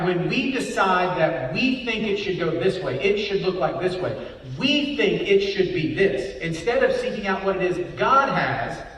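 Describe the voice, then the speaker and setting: High and fairly bright, this man's voice leads a Bible study sermon in a church hall, where he keeps posing rhetorical questions and tacking on "right?". The hall echoes, and he sounds far from the mic.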